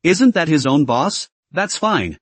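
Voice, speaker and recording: A man's voice: on the high side, very animated, takes it slowly, slightly rough, no echo, exaggerated voice. A man voicing an arrogant, tipsy, boastful rich young man with a swaggering manner. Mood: smug.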